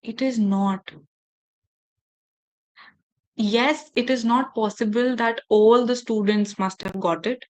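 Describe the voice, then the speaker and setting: A woman trainer talks to a group of teachers in a slightly raised register. She speaks deliberately, with pointed pauses, and addresses her listeners directly with instructions. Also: a little high, fairly even intonation, low-quality recording. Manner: measured and deliberate, with emphatic pauses. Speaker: faculty development trainer. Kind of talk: workshop talk to teachers.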